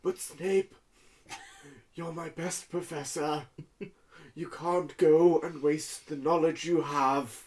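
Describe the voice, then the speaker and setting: A man reading aloud and voicing a kindly, wise old male wizard headmaster, slow and soothing. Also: fairly high pitch, fairly even intonation, a little mellow. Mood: coaxing.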